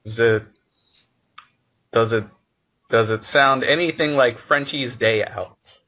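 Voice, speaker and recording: A man's voice: medium pitch, slow, sharp tone. A young man co-hosting a casual gaming podcast, joking around and stammering on restarts. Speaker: podcast co-host. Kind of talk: casual chat.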